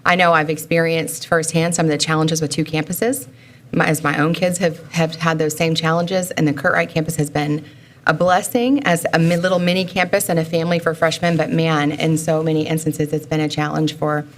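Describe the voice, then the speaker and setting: Woman, low voice, board member, earnest meeting remarks, faint background noise. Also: fairly even intonation, brisk.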